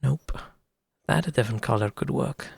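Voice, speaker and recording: A man's voice: mid-range voice, moderate pace, gravelly, a little mellow, slightly rough, dry recording. A man casually commenting while playing a video game on stream, rambling and answering chat.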